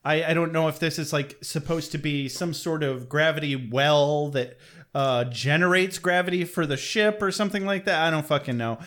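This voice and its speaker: A man's voice: a little high, normal speed, a bit bright. A man co-hosting a podcast, casually reviewing a cartoon episode, rambling and swearing as he thinks aloud. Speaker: podcast co-host.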